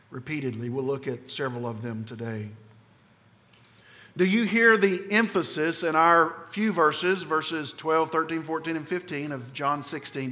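Emphatic male preacher in a reverberant hall. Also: pushed and bright. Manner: emphatic preaching, dropping low on phrase ends. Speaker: pastor. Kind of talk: sermon.

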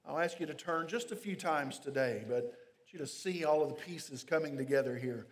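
A man preaching a sermon, reading scripture aloud and explaining it verse by verse with measured pauses. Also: fairly high pitch, long reverb tail. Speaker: pastor.

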